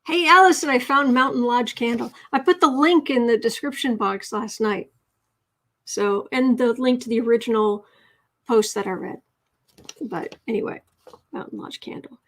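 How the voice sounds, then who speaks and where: A woman's voice: on the high side, fairly even intonation, normal speed. A woman hosting a casual writing livestream, chatting with viewers and reading out comments before a short lesson. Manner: chatty, reads viewer comments aloud, self-correcting. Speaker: livestream host and writing coach.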